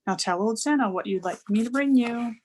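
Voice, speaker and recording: A woman's voice: a little high, a little fast, darkish tone, pitched above the performer's own voice, natural voice. Woman doing jolly old Santa Claus.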